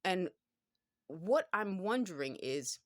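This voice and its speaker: A woman's voice: lowish voice, very animated, slow pace, no room sound, studio quality. A woman in her fifties with a New York accent, talking through a rambling vlog monologue and often stopping to correct herself. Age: 50s. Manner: rambling, circling back with frequent self-corrections.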